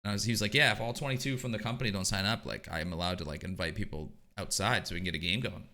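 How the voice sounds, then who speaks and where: A young man, co-hosting a casual podcast and telling stories in an animated way, swearing and laughing often. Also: lowish voice, racing. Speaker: podcast co-host.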